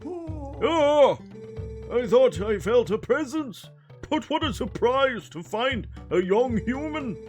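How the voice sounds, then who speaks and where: Guy doing a high swoopy old rock elder, slow and formal, game music in back. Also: expressive, exaggerated voice. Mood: solemn. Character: old male rock-creature tribe elder, solemn. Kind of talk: reading game dialogue aloud in a voice.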